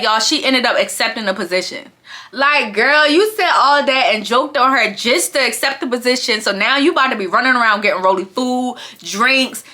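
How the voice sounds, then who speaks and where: A woman giving a casual, gossipy recap of a reality show, talking in an animated, slangy way. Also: on the high side.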